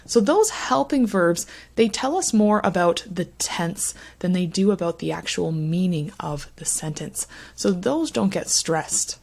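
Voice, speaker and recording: A woman giving an English pronunciation lesson, speaking slowly and stressing key words as she lists examples. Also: on the low side, expressive, gravelly, darkish tone. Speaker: English teacher.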